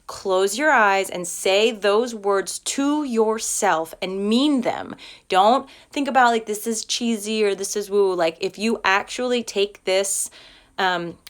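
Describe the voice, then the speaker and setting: Earnest rambling woman on a live stream. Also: medium pitch. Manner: earnest, rambling, with many likes and restarts. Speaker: host of a self-help live stream. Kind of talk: casual live-stream talk. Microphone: phone or webcam for a live stream.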